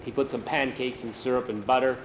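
A man telling a story aloud in a plain, unhurried way and acting out the dialogue himself. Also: mid-range voice, steady tone, roomy sound, muffled recording, a little hiss or hum. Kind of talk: oral storytelling.

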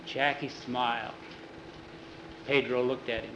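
A man telling a story aloud in plain, unhurried narration, with a roomy echo. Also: on the high side, background noise. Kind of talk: oral storytelling. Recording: roomy echo, faint ambience.

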